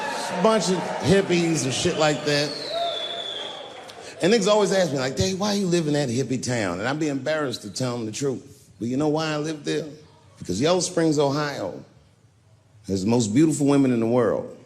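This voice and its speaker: A male comedian doing a stand-up set, telling profane stories that swing from shouts to low mutters. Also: expressive, moderate pace, in a large hall.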